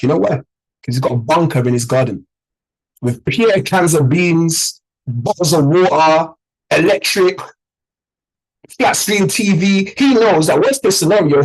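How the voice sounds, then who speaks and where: A man's voice: fairly high pitch, a little mellow, low-quality recording. A man with a British accent, a trading mentor giving an emphatic, conversational motivational talk to a group, often checking in with "yeah?". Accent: British English.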